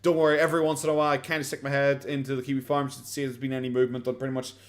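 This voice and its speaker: A man's voice: mid-range voice, flat delivery, racing. Sweary, rambling Irish man streaming. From Ireland. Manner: sarcastic, swears freely, rambling with many fillers. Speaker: streamer reacting to videos. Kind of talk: casual live-stream commentary.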